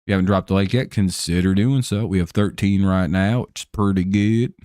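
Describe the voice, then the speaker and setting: An American man calls plays and rambles casually through a live stream, swearing and filling gaps with "like" and "um". His voice sits on the low side. The sound is dry and close, with almost no room echo. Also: fairly even intonation, brisk, mellow. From United States. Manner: rambling, profane, heavy on fillers. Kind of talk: casual chat over a live baseball game.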